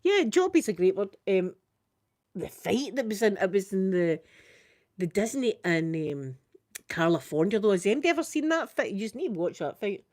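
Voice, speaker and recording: A Scottish woman chatting casually through a makeup ASMR video, quick and soft-spoken with frequent laughter. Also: medium pitch, big pitch swings. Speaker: ASMR creator doing makeup.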